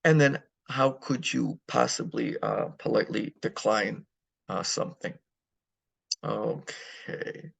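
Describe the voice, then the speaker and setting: A middle-aged man teaching a recorded Spanish lesson in a relaxed, halting way with many fillers. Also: fairly low pitch, creaky, breathy edge. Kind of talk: recorded language lecture.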